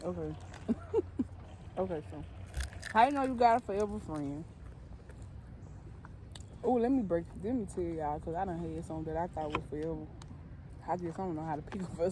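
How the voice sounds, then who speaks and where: Excitable young woman chatting outdoors. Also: normal speed, pauses often, background noise. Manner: excitable, bursts into loud high exclamations. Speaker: co-host. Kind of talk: casual chat.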